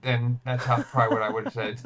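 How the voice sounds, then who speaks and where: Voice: medium pitch, little pitch movement, fast talker, fairly bright tone. A man co-hosting a casual film podcast, making dry, self-deprecating jokes.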